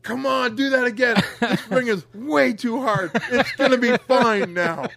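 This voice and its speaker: A man putting on a shrill whiny wrestler. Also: measured pace, vocal fry, a bit bright, full character voice. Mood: pleading. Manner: high strained yelping complaint. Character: goofy adult male wrestler, shrill and whiny.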